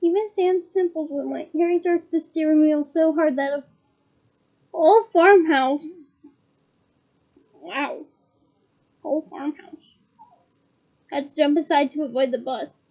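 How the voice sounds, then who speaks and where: A woman's voice: high-pitched, steady tone, normal speed, long pauses, mellow. A woman reading a storybook aloud in a casual way, stumbling now and then and correcting herself. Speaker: reader. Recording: muffled lo-fi recording.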